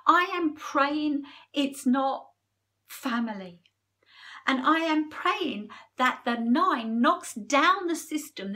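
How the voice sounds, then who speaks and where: A woman giving a personal numerology forecast to camera, talking earnestly and openly emotional, with pauses. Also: a little high, sharp tone. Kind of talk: personal spiritual talk to camera.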